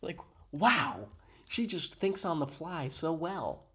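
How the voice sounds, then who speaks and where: Male reaction host, dry mock-praising tone, pitch swinging widely. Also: sing-song, takes it slowly, sharp tone. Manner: mock-admiring, dry sarcasm. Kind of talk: sarcastic reaction commentary.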